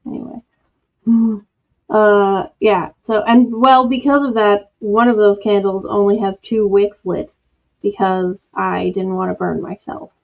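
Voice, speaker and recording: A woman's voice: medium pitch, steady tone, unhurried, vocal fry. A woman hosting a casual livestream from her home, rambling in a self-deprecating way and laughing at herself. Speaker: livestream host. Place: home room with candles. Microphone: old desk microphone. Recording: dull lo-fi audio from an old microphone.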